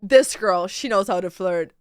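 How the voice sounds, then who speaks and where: A young woman streaming, chatting casually and reacting excitably, jumping to squealing highs. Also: measured pace, clear, resonant tone, no room sound, clean studio sound. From Latin America.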